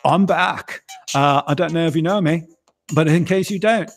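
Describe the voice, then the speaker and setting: A man chats loosely on a stream, talking in a fairly high voice with a gravelly edge of vocal fry. He rambles, jokes and teases his co-host. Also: a little fast, soft background music. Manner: jokey, rambling, teasing co-host. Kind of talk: casual banter on a livestream.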